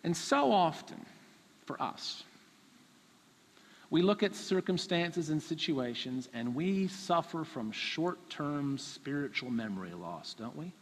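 A man's voice: fairly high pitch, sing-song, takes it slowly, long reverb tail. A man preaching a sermon, telling a story animatedly and acting out the characters.

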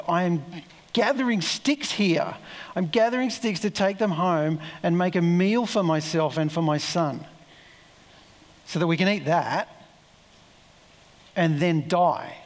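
A desperate widow with nothing left speaks in an earnest, steady tone, as a male preacher quotes her. The voice sits fairly high for a man. A long reverb from a big hall trails behind every phrase. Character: desperate starving widowed mother, worn down.

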